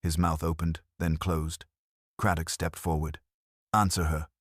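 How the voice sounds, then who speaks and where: Deep-voiced man narrating a mystery. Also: monotone, a little slow, no echo, studio quality. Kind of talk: scripted mystery storytelling.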